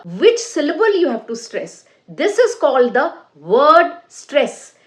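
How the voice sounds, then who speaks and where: A woman who is a former IELTS examiner, giving an exam-prep lesson, explaining deliberately with fillers and restarts. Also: high voice. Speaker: English teacher and ex-IELTS examiner.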